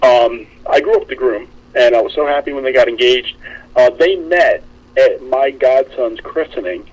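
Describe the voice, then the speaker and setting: A young man co-hosting a podcast in casual chat, telling an animated story, swearing freely and acting out what his friends said. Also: medium pitch, moderate pace, low-quality recording. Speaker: podcast co-host.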